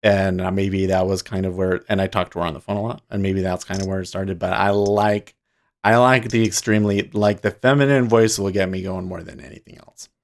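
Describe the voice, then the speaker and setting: A man with a fairly low voice hosts a livestream, talking casually. He rambles, restarts his sentences and laughs easily as he goes. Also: steady tone. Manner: rambling, self-interrupting, quick to laugh. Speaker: livestream host.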